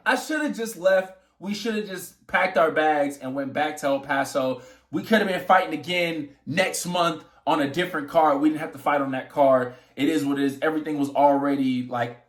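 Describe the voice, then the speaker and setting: Young male boxer, a little high-pitched, echoey room, animated storytelling with swearing. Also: normal speed. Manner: animated, swearing, acts out quotes. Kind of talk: casual storytelling vlog.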